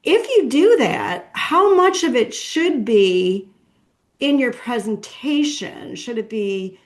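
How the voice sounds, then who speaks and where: A woman's voice: on the high side, animated, takes it slowly. A woman in the audience of a seminar asks a long question and searches for her words. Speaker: audience member asking a question.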